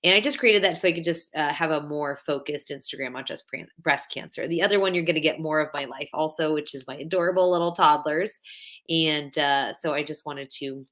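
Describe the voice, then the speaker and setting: Low-voiced woman hosting a chatty livestream. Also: fairly quick, a bit bright. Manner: chatty, heartfelt, greets viewers by name. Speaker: livestream host. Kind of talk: casual live-stream chat.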